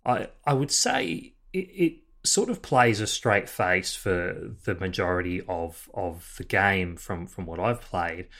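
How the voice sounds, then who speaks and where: A man with a very deep, low voice talking through a video game in a relaxed, unscripted way. He thinks aloud and often pauses or restarts with fillers. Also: creaky. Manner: thoughtful, with many fillers and restarts. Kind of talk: casual game discussion.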